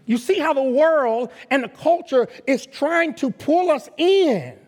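High-voiced man preaching in a reverberant hall. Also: big pitch swings, measured pace, few pauses. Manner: emphatic preaching, rising to loud exhortation; call-and-response with the congregation. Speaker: guest pastor. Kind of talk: sermon. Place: church sanctuary. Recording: long reverb of a large hall.

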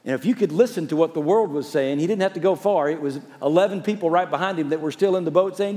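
A male pastor preaching a storytelling sermon, turning from emphatic to soft and hushed. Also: on the high side, fast talker, hardly any pauses, long reverb tail.

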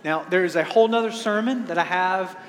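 A man's voice: high voice, fairly quick, fairly bright tone, in a large hall, slight background noise. A middle-aged man preaching a sermon as pastor, telling funny family stories with stammered restarts. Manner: humorous storytelling with stammered restarts. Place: church sanctuary.

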